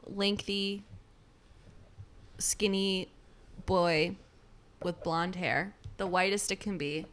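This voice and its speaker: Woman co-host, bright voice, playful anecdotal chatter. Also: fairly low pitch, steady tone, extremely slow, long pauses. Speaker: podcast co-host. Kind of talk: casual chat, book review.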